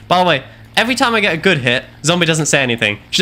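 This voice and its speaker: A young man doing live gameplay commentary from his home gaming setup on a headset mic, theatrical and self-mocking, with loud mock-heroic outbursts. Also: a little high, big pitch swings, fast talker. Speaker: game streamer.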